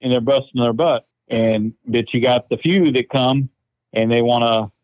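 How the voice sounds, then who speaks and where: A man from Florida, a guest in a casual chat, plain-spoken and halting with restarts. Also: mid-range voice, steady tone, darkish tone, no room sound, poor audio.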